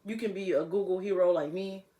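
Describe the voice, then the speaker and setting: A woman's voice: mid-range voice, steady tone, a little fast, dark tone. Young woman, casual vlog chat, rambling, slangy, laughs a lot. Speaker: vlogger.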